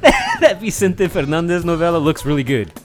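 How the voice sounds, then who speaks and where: Man, slightly high voice, very lively pitch, wry jokes, casual movie chat, music behind. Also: normal speed. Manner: wry, joking commentary. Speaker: podcast co-host watching a movie.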